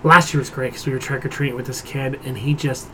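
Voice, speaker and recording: A man's voice: medium pitch, steady tone, quick pace, fairly bright tone, a little hiss or hum. A man hosting a casual podcast chat, telling stories through laughter and reading off numbers. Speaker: podcast host.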